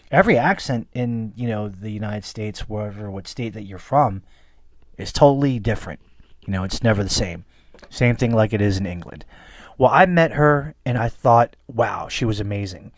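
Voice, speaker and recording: A man's voice: lowish voice, no echo, clean studio sound. A man hosting his own podcast, talking casually and earnestly on his own, with lots of "you know" fillers. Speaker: podcast host. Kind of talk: casual solo podcast monologue. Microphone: studio microphone.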